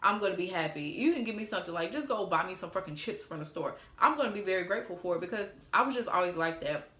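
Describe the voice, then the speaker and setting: In a casual storytime aimed straight at her viewers, a woman in her twenties sounds sassy, profane and exasperated. Her low-side voice is expressive and fairly bright at a quick pace, and the room echoes.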